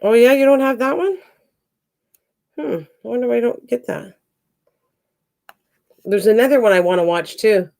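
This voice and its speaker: A woman's voice: moderate pace, vocal fry, long pauses, darkish tone. A woman hosting a casual live-stream chat with viewers, chatty and rambling. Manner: chatty, rambling, talks to her cats in a higher coaxing voice. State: out of breath.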